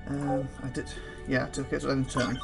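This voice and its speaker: A man commenting on his own strategy game, thinking aloud and rambling fast with a dry throat he keeps clearing. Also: medium pitch, level tone, over music. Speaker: let's play host. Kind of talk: gameplay commentary.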